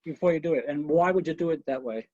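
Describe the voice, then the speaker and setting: Husky man teaching conducting over a call. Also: fairly high pitch, fast talker, warm tone, no room sound. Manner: coaching, counting beats aloud, chatty asides. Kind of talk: online conducting lesson. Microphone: video call. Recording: muffled lo-fi video call audio.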